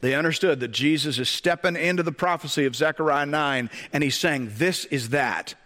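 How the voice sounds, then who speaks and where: A man's voice: fairly high pitch, fairly quick, pushed and bright. A man preaching a sermon in a slightly raised voice, friendly and conversational, often stopping for a joke or a question to the room. His words trail off into the long reverb of a big hall, as in a church sanctuary. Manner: conversational with joking asides and rhetorical questions. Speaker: pastor.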